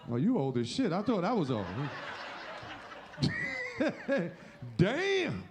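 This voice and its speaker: Lively high-voiced man hosting a crowd. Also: slow pace, slight background noise. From Brooklyn. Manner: hypes and teases the crowd. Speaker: comedy show host. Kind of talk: stand-up hosting and crowd work. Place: comedy club stage with live audience.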